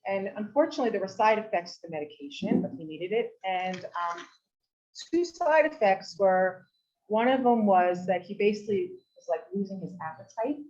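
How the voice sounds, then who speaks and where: A woman giving a live Torah talk, telling a story with lively delivery. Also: medium pitch, moderate pace. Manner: animated storytelling, rises to shouting for quoted outbursts. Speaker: teacher giving a weekly talk. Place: women's study hall in a community center. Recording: dull lo-fi live recording.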